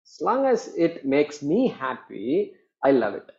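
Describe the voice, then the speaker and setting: A man teaching a class on scripture, talking in an animated way with many repetitions and acted-out quoted voices. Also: medium pitch, a little slow, lo-fi sound.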